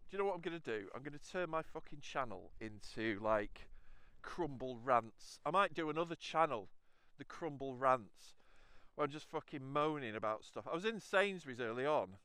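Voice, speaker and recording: A man's voice: mid-range voice, animated, moderate pace, hardly any pauses, pushed and bright, clear, resonant tone, no room sound. A British man vlogging from his motorbike, chatting and ranting to viewers with lots of swearing. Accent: British English. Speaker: motovlogger. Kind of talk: casual motorbike vlog. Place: outdoors, on a motorbike, then at a roadside dump.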